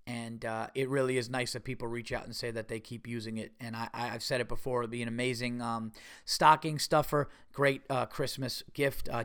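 A man talks on his own podcast in an easy, rambling way, cursing freely and restarting his sentences. His voice is smooth and clear and sits at an ordinary pitch. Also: bright, forceful tone. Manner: rambling, profane, with many fillers and restarts. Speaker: podcast host. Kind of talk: casual solo podcast talk.

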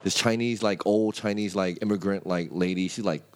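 A man's voice: low-pitched, steady tone, moderate pace, darkish tone. A young man, co-hosting a podcast and telling a story in profane, casual chat, with lots of "right?" tags. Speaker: podcast co-host.

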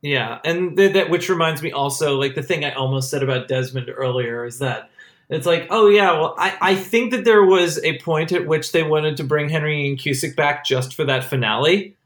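A podcast co-host in casual chat, rambling and excitable, with many restarts. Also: mid-range voice, normal speed.

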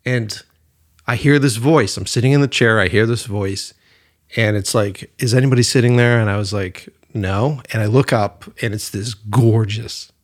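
A man co-hosting a podcast, telling a personal story in a loose, animated way and swearing freely. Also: fairly low pitch, a little slow. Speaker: podcast co-host. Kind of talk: casual storytelling chat.

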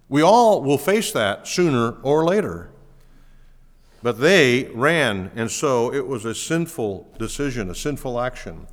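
A man's voice: mid-range voice, big pitch swings, a little slow, in a large hall. A man pastor preaching a sermon, asking his listeners questions and quoting scripture.

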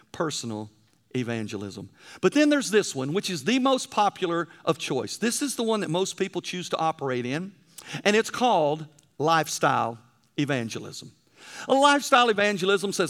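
A male preacher delivering a sermon, telling stories and swinging between loud emphasis and hushed passages. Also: fairly high pitch, very animated, a little fast.

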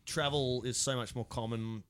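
A man's voice: medium pitch, normal speed, smooth. A man co-hosting a casual film chat, telling rambling stories with laughs. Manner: animated, laughing storyteller, rambling. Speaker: film podcast co-host.

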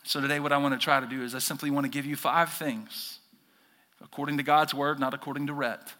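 A male pastor giving an animated sermon, speaking straight to his congregation and acting out the voices of the people he quotes. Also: mid-range voice, a little fast, big-room sound. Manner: animated preaching, talks directly to the congregation, acts out quoted voices.

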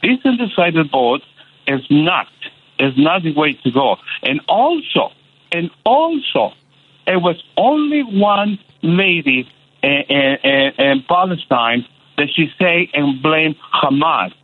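This impassioned radio call-in comes from a man whose slightly high voice swings widely in pitch, heard over a tinny phone line. He speaks with fervor yet haltingly, repeating fillers again and again.

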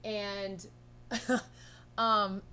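A woman's voice: medium pitch, little pitch movement, very slow, sharp tone, smooth. A woman co-hosting a casual film review podcast, playful and jokey with frequent giggles. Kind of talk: casual chat.

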